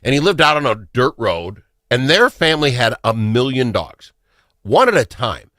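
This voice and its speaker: A man hosting a talk show, telling stories in a casual, excitable way. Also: mid-range voice, moderate pace, no echo, clean studio sound. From Minnesota. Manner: animated, excitable storyteller. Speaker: radio talk show host. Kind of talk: casual storytelling chat.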